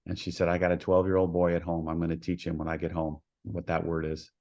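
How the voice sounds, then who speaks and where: A man who coaches softball, telling folksy anecdotes as a podcast guest and acting out the dialogue in them. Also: low-pitched, monotone, fast talker, dull audio. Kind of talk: storytelling in a podcast interview.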